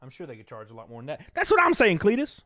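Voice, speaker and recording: Southern guy, young, live-stream host, lively and foul-mouthed, dry close mic, slightly high voice. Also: fast, dry recording. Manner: animated, profane, reads out chat donations. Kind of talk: casual live-stream commentary.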